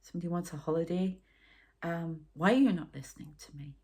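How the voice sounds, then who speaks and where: A middle-aged woman from northern England, working as a tarot reader and medium, rambles through a channelled tarot reading, addressing the viewer and making asides to spirits. Her voice is lowish and dark in tone, and she talks a little fast.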